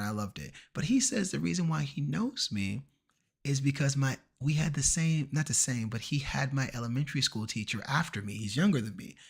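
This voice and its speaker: A man streaming a game, chatting casually and acting out the people in his stories in an animated way. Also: mid-range voice, breathy edge. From Washington, DC area. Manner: animated, acts out quoted people. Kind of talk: casual storytelling while gaming.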